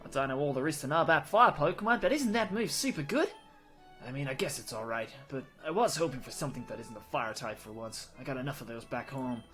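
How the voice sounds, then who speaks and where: A young girl with a rough Australian twang grumbles in a low voice, as a woman puts her on. Her speech swoops up and down with lively energy. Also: fast talker, faint music behind. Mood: unimpressed. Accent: put-on Australian. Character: perky young woman with a put-on Australian accent.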